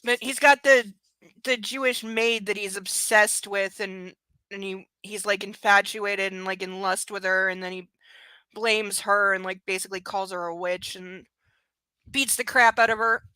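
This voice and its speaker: A woman's voice: medium pitch, fairly even intonation, moderate pace, pushed and bright, clear, resonant tone, no echo. A young adult woman doing a live reading of a book, breaking off into mocking, sarcastic commentary. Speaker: reader and commentator.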